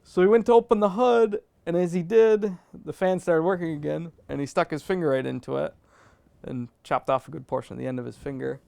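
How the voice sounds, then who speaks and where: A man with a high, gravelly yet smooth voice tells a wry story. The sound is dry and close. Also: fairly quick, dark tone, no echo. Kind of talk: documentary interview.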